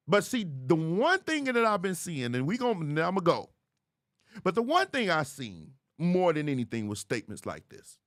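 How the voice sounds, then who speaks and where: Animated man giving blunt commentary. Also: fairly high pitch, normal speed, no echo, studio quality. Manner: animated, preachy, talks straight to viewers. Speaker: host. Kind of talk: casual commentary monologue.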